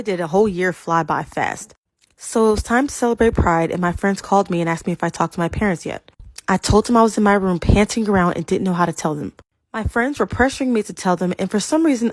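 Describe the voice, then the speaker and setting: A woman's voice: fairly low pitch, fairly quick, no echo, clean studio sound. A young woman narrating first-person stories in a dramatic way, acting out other people's voices. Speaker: storyteller.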